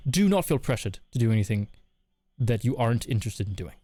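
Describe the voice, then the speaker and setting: A man's voice: mid-range voice, expressive, fast, dark tone, dry recording. A man streaming live, chatting casually and candidly with his viewers while reading their messages, laughing often. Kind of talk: casual chat.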